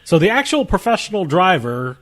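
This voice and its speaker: A man with a New Jersey accent co-hosting a sports podcast, reacting and asking quick, jokey questions. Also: sits high, very animated, a bit bright. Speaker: podcast co-host. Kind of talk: casual sports chat.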